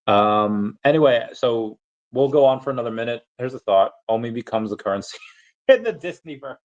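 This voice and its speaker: A man's voice: mid-range voice, lively intonation, normal speed. Rambling playful man on a lo-fi stream. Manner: rambling and playful, often stammers on repeats. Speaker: livestream host reading chat. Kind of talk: casual livestream chat.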